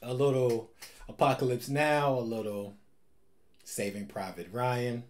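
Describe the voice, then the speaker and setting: A man's voice: medium pitch, fairly even intonation, a little slow, faint music behind. A man hosting a movie reaction, making playful quips and wordplay between chuckles. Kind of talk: casual movie reaction commentary.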